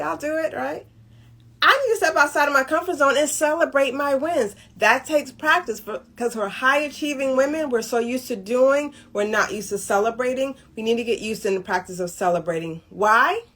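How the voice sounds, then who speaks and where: A woman's voice: high-pitched, a bit bright. A middle-aged woman hosting a motivational talk on relationships, speaking conversationally and often checking in with "right?". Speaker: host.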